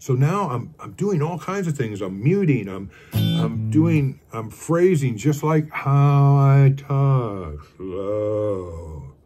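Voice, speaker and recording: A man's voice: mid-range voice, animated, takes it slowly, mellow. An older man giving a casual guitar lesson, rambling and counting beats aloud as he plays. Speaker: guitar teacher.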